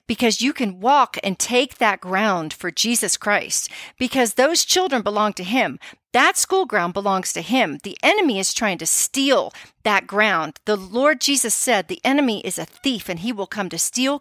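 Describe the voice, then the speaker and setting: A woman's voice: mid-range voice, fairly bright tone, no room sound, studio quality. A middle-aged woman leading a devotional prayer for mothers, then chatting informally with encouraging, conversational fillers. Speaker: prayer ministry leader for mothers.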